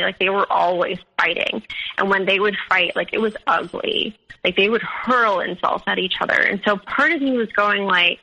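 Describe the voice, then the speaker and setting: A woman tells her own story as a podcast guest. She talks hesitantly, with lots of ums and likes. Her voice is bright and edged, with plenty of creaky fry at the ends of phrases. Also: medium pitch, rough recording. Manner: hesitant, full of "um" and "like". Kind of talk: recounting a personal story.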